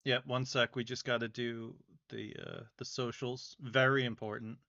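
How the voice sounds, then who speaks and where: Sarcastic male co-host, bright voice. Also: medium pitch, little pitch movement, normal speed, creaky. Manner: dry, sarcastic quips. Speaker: podcast co-host. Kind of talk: casual comedic chat. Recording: dull lo-fi mic.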